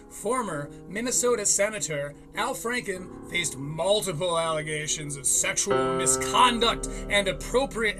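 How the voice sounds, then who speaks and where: A man hosting a podcast, telling a story in a casual, profane way and often laughing between lines. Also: sits high. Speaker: podcast host.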